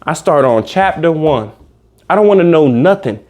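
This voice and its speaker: A man with a fairly high voice talks casually to his viewers in a reaction video. He rambles and preaches about life, swearing freely as he goes. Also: animated, moderate pace, a little mellow.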